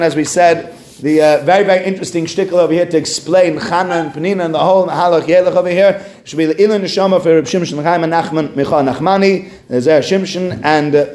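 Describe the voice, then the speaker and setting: A man giving a weekly religious text class in an animated, conversational way, acting out the quotes. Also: a little high. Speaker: religious teacher. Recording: roomy echo.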